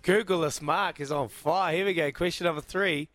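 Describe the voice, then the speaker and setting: A man's voice: a little high, fairly bright tone, no echo. A man with a New Zealand accent hosting a radio sports quiz, jokey, laughing and calling callers mate. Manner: jokey, quick to laugh, calls everyone mate. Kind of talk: breezy radio banter.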